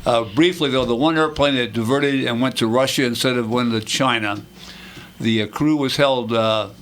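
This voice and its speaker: A man speaking at an ordinary pitch, a regular on a radio talk show, explains technical details. His delivery is measured and patient, with occasional pauses to find the right term. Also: a bit bright, a little hiss or hum.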